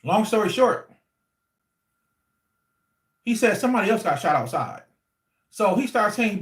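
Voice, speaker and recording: A man telling a story casually to his livestream audience in an animated, slangy, repetitive way. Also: sits high, a little slow, pauses often. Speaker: livestream host. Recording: echoey room.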